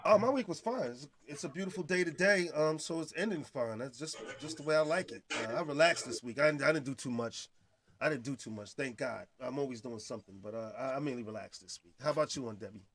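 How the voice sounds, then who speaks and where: A man's voice: medium pitch, fast talker, hardly any pauses, a bit bright. A man hosting a casual chat podcast, easygoing and agreeable, plugging the show to listeners. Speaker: host.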